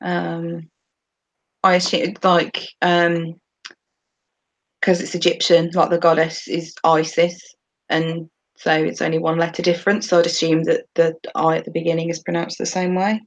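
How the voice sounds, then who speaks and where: A chatty woman in a relaxed podcast conversation about a TV show, her voice sitting a little low. She laughs easily and keeps up an easygoing, informal flow. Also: normal speed, lo-fi sound. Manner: chatty, laughs often while talking. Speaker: podcast co-host. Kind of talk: casual chat about a TV episode.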